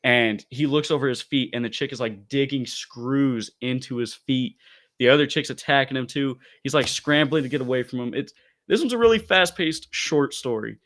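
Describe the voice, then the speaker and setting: A man co-hosting a casual podcast, retelling a story in an animated way with loose asides. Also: medium pitch, normal speed. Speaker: podcast co-host reviewing comics.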